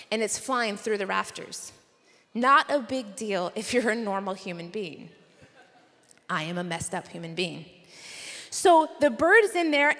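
High-pitched woman preaching, animated and funny, big echoey hall sound. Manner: animated, comic storytelling with laughs. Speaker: conference speaker. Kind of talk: storytelling sermon. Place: conference hall.

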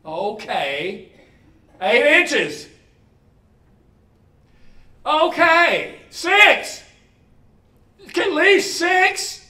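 A preacher putting on an impatient little cartoon boy who yells his demands skyward in a high, strained voice. He sounds set back from the microphone, and the sound rings around a roomy hall. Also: lively intonation, extremely slow, long pauses, distant mic, exaggerated voice. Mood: pleading.

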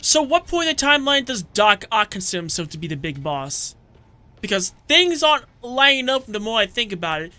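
A man giving gameplay commentary, excitable and shouting jokes at the enemies. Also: high-pitched, a little fast. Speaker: let's play gamer. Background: game music.

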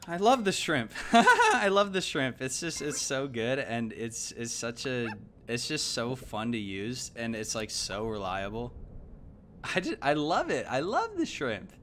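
Over slight background noise, a young man with a mid-range voice casually chats while streaming a video game, unhurried. He rambles and swears freely, alternating low mumbles with excited yelps.

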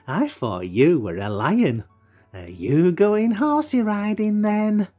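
A cheeky, nervous working-class lad, as a man voices him. His voice is pitched a bit higher than the storyteller's, brash on the surface but easily flustered. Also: sing-song, slow, dark tone, dull audio, faint music behind, heavily acted. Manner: brash then flustered, talking to himself.

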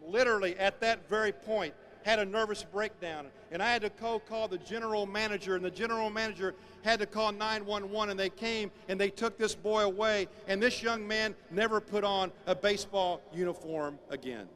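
High, forceful man telling stories. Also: moderate pace, a little hiss or hum. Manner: emphatic, animated storyteller. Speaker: speaker. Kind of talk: sermon-style storytelling talk.

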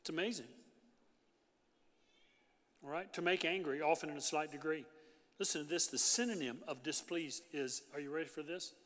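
Animated, bright-voiced preacher in a reverberant hall. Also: male voice, fairly high pitch, moderate pace, pauses often. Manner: animated, conversational preaching with asides to the congregation. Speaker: pastor. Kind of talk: sermon. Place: large church hall. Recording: long church hall reverb.

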